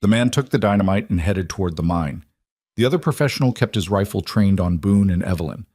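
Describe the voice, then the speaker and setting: A man narrating a scripted western story in a steady, even way. His voice sits low. The sound is dry and close. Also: brisk, no echo.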